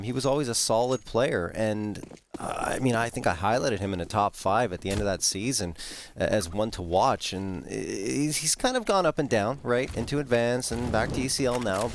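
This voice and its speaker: A man commentating an esports match, his pitch swinging lively as he talks through plays and player histories. Faint hiss sits under the voice, and he sounds like he's on a live broadcast desk. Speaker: esports caster.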